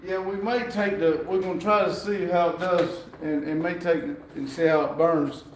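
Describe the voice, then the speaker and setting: A man co-hosting a casual livestream, talking quietly and haltingly while showing his building work. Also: a little high, fairly even intonation, a little hiss or hum. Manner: soft-spoken, halting, many fillers.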